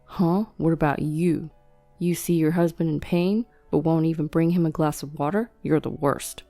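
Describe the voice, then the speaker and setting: A selfish young husband, bossy and petulant, his complaints low and mellow, as a woman narrator reads him. He whines in a dry, close voice with faint music behind. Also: steady tone, normal speed, no echo. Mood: irritated.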